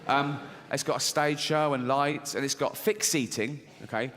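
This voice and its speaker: On a large theatre stage before an audience, a middle-aged Englishman performs brash, sweary stand-up, acting out little exchanges in different voices. His mid-range voice is fairly bright and moves at normal speed. The live theatre recording has long reverb and a faint crowd.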